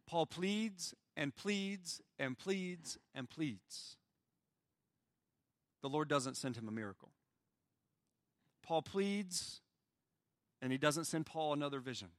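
A man preaching a sermon as pastor, swinging from loud pleading lines to hushed, quiet ones. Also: fairly high pitch, lively intonation, slow, pauses often, no room sound, studio quality.

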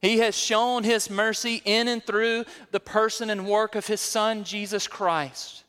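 Speaking unhurriedly and with few pauses, a pastor preaches in a high, sharp yet smooth voice with a flat delivery. He works verse by verse through scripture using rhetorical questions and builds to emphatic peaks, recorded with a long hall reverb.

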